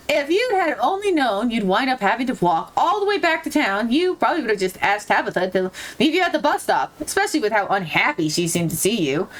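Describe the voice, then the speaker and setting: A young woman hosting a game playthrough, reading the story aloud and chatting playfully with giggles. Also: on the high side. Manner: playful, giggly, switches between narrating and chatter. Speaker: let's-play host.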